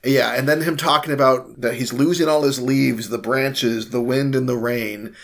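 A man's voice: mid-range voice, steady tone, moderate pace, a bit bright. A man co-hosting a film podcast, talking in a reflective, questioning way about what a scene means. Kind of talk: casual film discussion.

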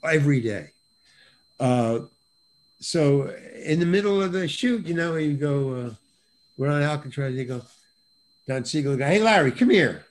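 An older man, a guest actor on a video call podcast, telling an animated anecdote with many restarts and acted-out voices. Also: fairly high pitch, a little slow, long pauses. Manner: lively, acts out other people's voices, repeats and restarts words.

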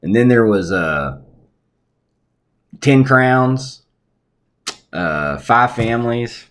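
Animated, laughing middle-aged man. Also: medium pitch, drawn-out words. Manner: animated, laughing often, swearing freely. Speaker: podcast co-host. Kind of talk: casual storytelling chat.

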